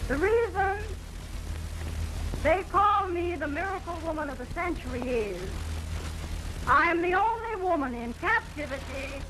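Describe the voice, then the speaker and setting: A woman entertainer giving a chatty stage monologue, pausing often with hesitant fillers. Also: extremely high pitch, expressive, background noise. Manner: chatty, with many hesitant pauses.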